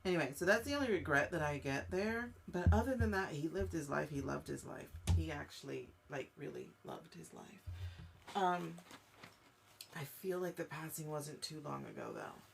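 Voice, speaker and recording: Halting, gravelly-voiced woman medium. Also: low voice, lively intonation, a little hiss or hum. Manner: halting, searching speech full of fillers; speaks directly to a viewer. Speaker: psychic medium host. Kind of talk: live-streamed spirit reading.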